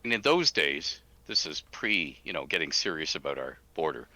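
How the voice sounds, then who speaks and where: An older man tells stories with real energy, his pitch swinging widely as he goes. His tone is bright and forceful. He is a guest designer chatting over a remote call. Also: normal speed, no room sound. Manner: animated anecdotal storyteller, bursts of laughter. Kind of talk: casual storytelling chat.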